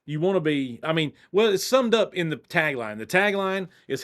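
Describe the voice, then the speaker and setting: A middle-aged man, talking as a podcast guest in an animated, blunt, joking way with some cursing. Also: fairly high pitch, moderate pace. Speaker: dog training company owner, guest. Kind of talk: energetic podcast interview.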